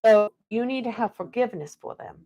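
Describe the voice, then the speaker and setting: A young woman reads cards for viewers on a live stream in a put-on Southern belle drawl. She calls each of them darling. Her voice sits a little high. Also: expressive, a little fast, muffled recording. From US Pacific Northwest. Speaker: live card reader. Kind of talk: live-stream psychic reading.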